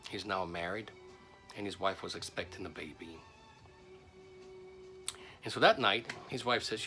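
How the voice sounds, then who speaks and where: A man telling a folk tale in an animated way, shifting between loud and hushed. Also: sits low, measured pace, pauses often, soft background music. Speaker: storyteller.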